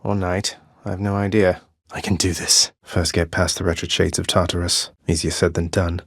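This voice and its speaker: A man's voice: sits low, flat delivery, moderate pace, no room sound. An actor playing a young male underworld prince in a video game, trading dry, cocky quips. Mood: casual. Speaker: game character.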